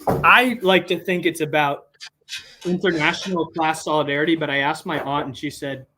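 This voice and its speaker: A young man from Boston joins a podcast as a guest, speaking earnestly but haltingly, with frequent "uh"s. His voice is a touch higher than most men's. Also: fairly even intonation, bright, forceful tone, a little hiss or hum. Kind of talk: casual podcast chat.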